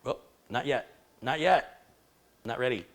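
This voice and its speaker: A man's voice: mid-range voice, measured pace. Joking man hosting a livestream. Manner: jokey, rambling, reads out viewer greetings. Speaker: livestream host. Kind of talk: casual livestream chat.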